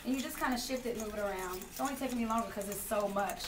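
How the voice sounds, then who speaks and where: A woman with an African American accent talks a group through a live tea demonstration, chatty and quick to laugh. She sounds a little off-mic, picked up from across the room. Dishes and cutlery clatter behind her. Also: mid-range voice. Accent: African American Vernacular English. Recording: distant mic with room noise.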